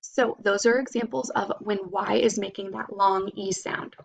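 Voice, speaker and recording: Woman teacher, patient phonics lesson, a bit of fry in the voice. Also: medium pitch, fairly even intonation, slight background noise. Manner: slow, patient, sounding out words.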